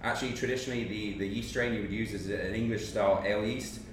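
Man, low voice, detailed beer explanations, lots of ums, very roomy pub, faint noise. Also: steady tone, fast. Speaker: beer brand ambassador. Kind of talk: casual podcast chat.

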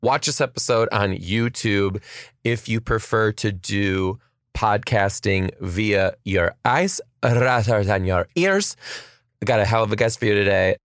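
A man, hosting a comedy podcast with energetic, jokey and profane chatter. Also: on the low side, a little slow, no echo, studio quality. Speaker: podcast host. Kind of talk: casual chat.

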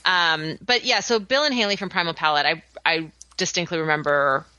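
A woman's voice: deep voice, fairly quick, pushed and bright, no room sound. A woman in her thirties from Canada with a light Canadian accent, co-hosting a podcast in casual, laughing chat with frequent restarts. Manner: chatty, laughs often, many restarts. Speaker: podcast co-host.

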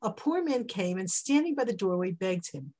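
Woman, Bible teacher, husky voice, conversational lecture, mid pitch. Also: big pitch swings, moderate pace, warm tone. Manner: conversational, heartfelt. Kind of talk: Torah class lecture.

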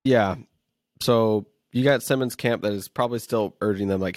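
Low-voiced laid-back male podcast co-host. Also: no echo. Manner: relaxed, hesitant, halting restarts. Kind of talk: casual sports chat. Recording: dry close-mic sound.

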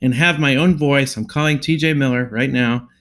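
Man hosting a comedy podcast, deadpan. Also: medium pitch, moderate pace, slight background noise. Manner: deadpan mock-grand announcing, with fillers. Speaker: podcast host. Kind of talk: casual comedy podcast talk.

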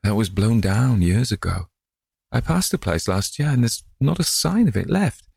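A man as a wistful old gentleman. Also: on the low side, animated, normal speed, vocal fry, husky, no room sound, clean studio sound, voice pushed up, heavily acted. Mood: tender. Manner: wistful, musing aloud. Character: dreamy old gentleman, tender, tree-loving.

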